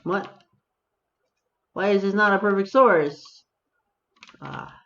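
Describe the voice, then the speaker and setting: Male gaming vlogger, wry self-deprecating chatter, slightly high voice, dull home-mic sound. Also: slow, bright, forceful tone. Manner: self-mocking, talks to himself and viewers. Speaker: gaming video host. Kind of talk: casual gameplay commentary.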